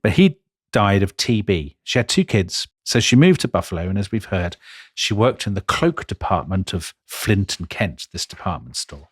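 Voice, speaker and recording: A man co-hosting a history podcast in a lowish voice. He tells the story with lively, emphatic swings of pitch on key points. The sound is dry and close. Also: moderate pace, husky, no room sound. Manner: animated, emphatic, jumps in pitch for stress. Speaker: podcast co-host.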